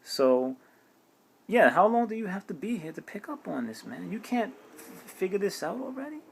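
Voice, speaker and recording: A man's voice: high-pitched, big pitch swings, normal speed, vocal fry, slight background noise. A man hosting his own video, ranting heatedly and swearing about society and politics, mocking what others say. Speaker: channel host. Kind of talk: spiritual rant to camera.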